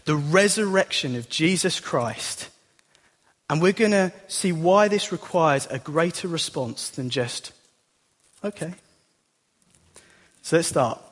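High-voiced young preacher. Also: male voice. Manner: chatty and self-deprecating. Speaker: youth leader preaching. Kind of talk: sermon. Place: church hall. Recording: long hall reverb.

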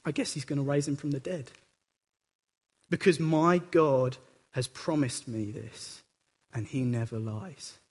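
A preacher voicing an aged patriarch who speaks quietly and with calm resolve. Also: male voice, medium pitch, measured pace, pauses often, slightly rough. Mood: quietly resolved. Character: steady, trusting aged male patriarch. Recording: echoey hall reverb.

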